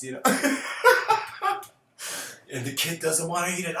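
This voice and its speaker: A man's voice: medium pitch, very animated, a little slow, long pauses, pushed and bright, far from the mic. A man giving an informal spiritual lecture, rambling, laughing often and using lots of fillers. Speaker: speaker. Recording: roomy echo.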